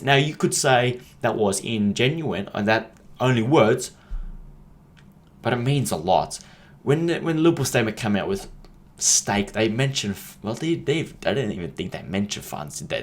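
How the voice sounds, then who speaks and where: Young male podcaster, lowish voice, casual heated rant, rambling and swearing. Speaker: football podcast host. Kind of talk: casual opinion monologue.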